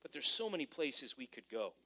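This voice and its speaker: A male pastor delivering a sermon to a congregation, preaching animatedly and swinging between hushed and emphatic delivery. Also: mid-range voice, sing-song, brisk, husky. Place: church service before a congregation.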